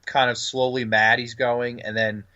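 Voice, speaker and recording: A man's voice: mid-range voice, flat delivery, moderate pace, pushed and bright, highs cut off. A man co-hosting a casual podcast about movies, eagerly acting out favorite lines. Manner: enthusiastic, acts out movie lines. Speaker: podcast co-host.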